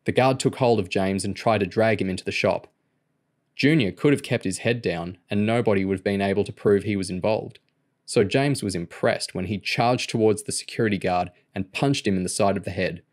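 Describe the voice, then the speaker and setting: Low-voiced man reading an audiobook. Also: a little fast. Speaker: audiobook reader. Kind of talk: audiobook narration.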